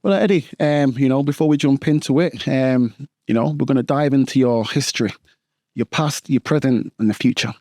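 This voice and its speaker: Mellow-voiced male podcast host. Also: mid-range voice, fairly quick, no room sound, clean studio sound. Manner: friendly questioning with fillers. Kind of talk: casual podcast interview.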